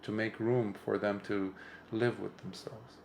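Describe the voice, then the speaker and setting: A man's voice: fairly low pitch, fairly even intonation, a little slow, gravelly, slight background noise. A Buddhist monk giving an impromptu dharma talk, earnest and emphatic, lifting his voice on repeated points and often restarting his sentences.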